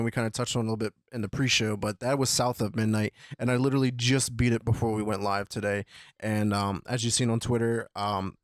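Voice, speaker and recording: A man's voice: medium pitch, dry recording. Candid man on a dry mic. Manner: relaxed, candid, quick-spoken. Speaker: podcast host. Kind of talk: casual gaming podcast chat.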